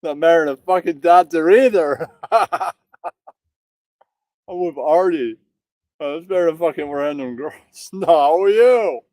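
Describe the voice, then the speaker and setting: A man's voice: fairly high pitch, unhurried, pauses often, a little mellow, no echo. A man hosting casual banter, riffing crudely and mockingly.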